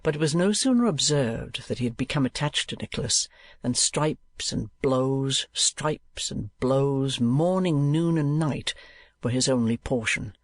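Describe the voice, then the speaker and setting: Man, audiobook narrator, measured even reading, husky edge, dry close sound. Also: medium pitch, no echo.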